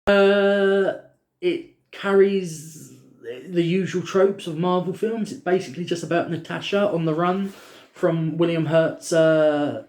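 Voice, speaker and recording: A male co-host chatting casually through a film review, opinionated and loose, pausing on fillers. His voice sits a touch high. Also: steady tone, a little mellow. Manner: rambling, opinionated, frequent fillers.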